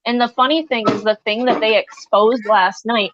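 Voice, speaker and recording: A woman's voice: fairly high pitch, steady tone, moderate pace, noisy background. A woman guest joining a livestream by remote call, talking hurt and defensive. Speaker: stream guest. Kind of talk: emotional livestream talk. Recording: slightly dull remote call audio.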